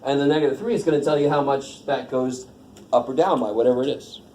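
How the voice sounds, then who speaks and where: Male math instructor, relaxed classroom lecture, mellow tone, echoey room with faint hum. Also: medium pitch, quick pace. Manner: joking, informal, asks the class questions.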